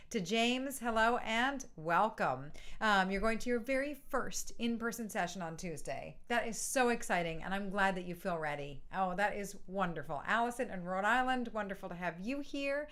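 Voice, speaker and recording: A woman's voice: medium pitch, expressive, normal speed, a bit bright. A woman hosting a live online music session from home, cheerfully greeting viewers by name and laughing often. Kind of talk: casual live-stream greetings.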